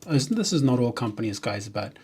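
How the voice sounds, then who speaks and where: Man, husky voice, mid pitch, casual livestream chat, jokey, rambling, lots of ums and restarts. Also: animated, brisk, darkish tone. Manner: rambling, joking, with many fillers and restarts. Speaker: livestreaming software developer.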